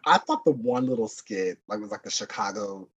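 A man's voice: on the low side, expressive, a little fast, husky, muffled recording. A man co-hosting a casual pop culture chat, chatty and opinionated, laughing often. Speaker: podcast co-host.

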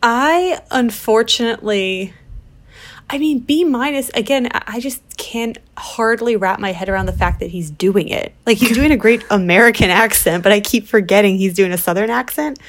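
A woman co-hosting a film podcast, with a wry, quick-witted manner of talking. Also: fairly high pitch. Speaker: podcast co-host. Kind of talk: casual film-review chat.

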